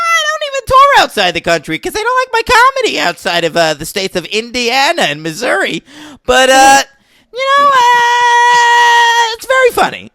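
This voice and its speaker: A man's voice: very high-pitched, creaky, bright, forceful tone, dry recording, pitched above the performer's own voice, full character voice. A man doing a mocking impression of a smug male talk-show comedian with a patter of cheap jokes.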